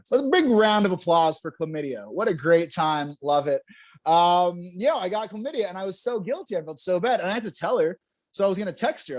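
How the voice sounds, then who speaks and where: A young man performing a stand-up comedy set on a club stage, telling self-mocking jokes and laughing between punchlines. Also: high-pitched.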